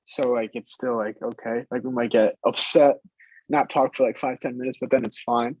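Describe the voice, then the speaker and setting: A man's voice: medium pitch, steady tone, normal speed, a little mellow, breathy edge, no echo, rough recording. A young man, a soccer player being interviewed, talking casually and hesitantly, with many fillers as he thinks aloud. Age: young adult.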